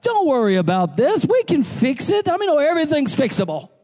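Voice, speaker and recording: Kindly, coaxing old farmer, fairly high and mellow-toned, as a preacher puts him on. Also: male voice, wildly swooping pitch, a little fast, long reverb tail, heavily acted. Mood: reassuring. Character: kindly older male farmer, reassuring.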